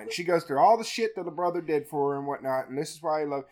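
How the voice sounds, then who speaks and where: A woman hosting a podcast, retelling a movie in a crude, profanity-heavy, animated way. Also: low voice, quick pace, few pauses. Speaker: podcast host. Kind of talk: casual comedic movie recap.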